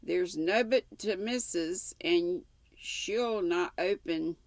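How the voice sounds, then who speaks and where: A woman voicing a sour-faced, grumpy old male farm servant, stumbling through his rough dialect. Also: on the low side, slow, no echo. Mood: gruff.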